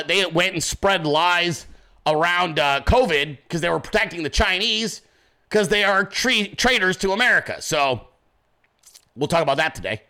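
Angry, profane man ranting with a high, bright voice. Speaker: host of a political commentary show. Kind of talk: profane political rant.

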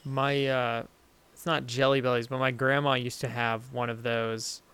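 Smooth-voiced young man chatting. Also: medium pitch, little pitch movement, moderate pace, a bit bright, dry recording. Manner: rambling, self-interrupting, laughs easily. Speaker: podcast co-host. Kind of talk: casual chat.

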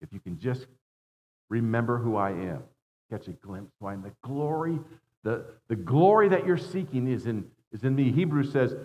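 A man's voice: animated, normal speed. Man preaching in a reverberant church. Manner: earnest preaching, voice dropping low and rising for emphasis; repeats words when building a point. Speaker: guest preacher. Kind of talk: sermon. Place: church sanctuary. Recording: dull sound in a long-reverb hall.

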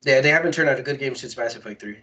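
A man co-hosting a casual podcast, talking in a loose, animated way full of slang and swearing. His voice sits at an ordinary middle pitch, and he speaks like he is hanging out with a friend. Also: racing. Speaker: podcast co-host. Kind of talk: casual chat.

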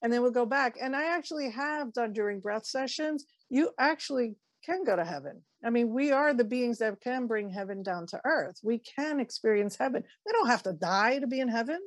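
A woman's voice: fairly high pitch, animated, brisk, hardly any pauses, no room sound. A woman in a casual spiritual conversation, talking earnestly and often repeating herself as she restarts sentences.

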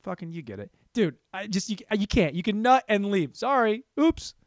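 A man's voice: high voice, big pitch swings, brisk, no room sound, studio quality. A man in his thirties hosting a solo comedy podcast. He talks in a crude, rambling, self-mocking way. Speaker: podcast host.

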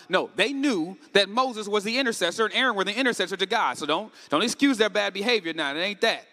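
A man preaching a sermon, asking the congregation questions and rising to shouts. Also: sits high, animated, quick pace, few pauses. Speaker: pastor. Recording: echoey hall with long reverb.

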